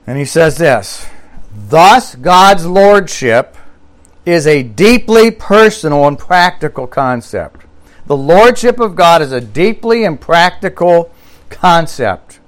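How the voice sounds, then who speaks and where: A male preacher with a slightly high voice delivers a sermon. He reads scripture aloud and leans on repetition, slowing down to drive key phrases home. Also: sing-song. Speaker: pastor.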